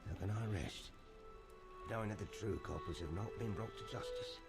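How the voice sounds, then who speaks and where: A man's voice: lowish voice, moderate pace, close to an everyday voice. An actor playing a grave male lord in a video game, speaking in a solemn, formal way. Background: loud game music.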